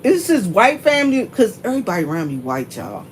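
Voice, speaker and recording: Lively Southern woman vlogger, chatty. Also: mid-range voice, a little hiss or hum, poor audio. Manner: animated, chatty, laughs often, drawn-out "mm-mm"s. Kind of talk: casual storytelling to viewers.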